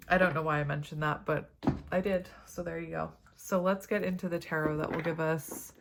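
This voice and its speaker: A woman's voice: on the low side, fairly even intonation, brisk, creaky, a little hiss or hum. Chatty woman giving a tarot reading. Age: adult parent. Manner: chatty and rambling, many fillers and asides. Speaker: tarot reader.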